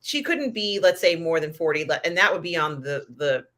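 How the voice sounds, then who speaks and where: Bright-voiced woman, low-pitched. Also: expressive, moderate pace. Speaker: co-host. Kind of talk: casual pop culture chat.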